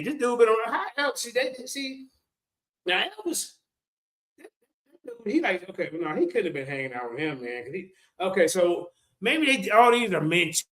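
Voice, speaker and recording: A man's voice: high voice, big pitch swings, moderate pace, fairly bright tone. A man giving loose, joking reaction commentary, cursing freely and talking straight to his viewers.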